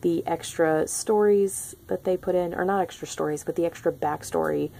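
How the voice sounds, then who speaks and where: Low gravelly-voiced woman gushing about a film. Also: fairly even intonation, normal speed, mellow. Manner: chatty and gushing, many ums and restarts. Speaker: book and film vlogger. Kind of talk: casual spoiler-free film review.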